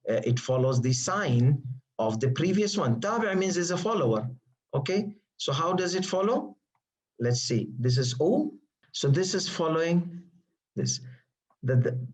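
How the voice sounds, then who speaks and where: A man's voice: fairly high pitch, darkish tone, low-quality recording. A man teaching a grammar lesson to a class, patiently explaining and repeating examples, often asking questions and answering them himself.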